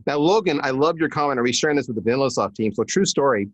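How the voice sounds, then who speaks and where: Guy on a webinar telling a story, super lively up and down voice, acts out the quotes, dry close sound. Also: medium pitch, rapid-fire, no echo. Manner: animated storyteller acting out quotes. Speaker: guest. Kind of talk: casual webinar conversation.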